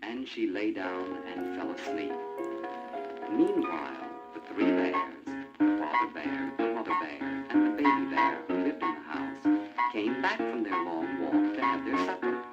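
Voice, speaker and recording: A man narrating a storybook in an animated, expressive way. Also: lowish voice, measured pace. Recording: muffled old vinyl with music.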